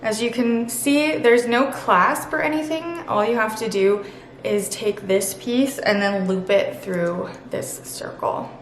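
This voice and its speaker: A woman's voice: fairly high pitch, takes it slowly. A woman vlogger talking casually and gushing about things she loves, chatty and upbeat. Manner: gushing, chatty, lots of "super" and "literally". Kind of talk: casual sponsored vlog talk. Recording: echoey room.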